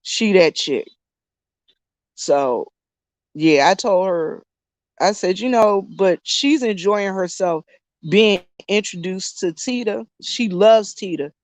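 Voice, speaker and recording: A woman's voice: medium pitch, slow pace, dry recording. A woman around fifty, chatting casually to her viewers, telling a story with frequent laughter and calling them y'all. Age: 50s. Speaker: YouTube vlogger.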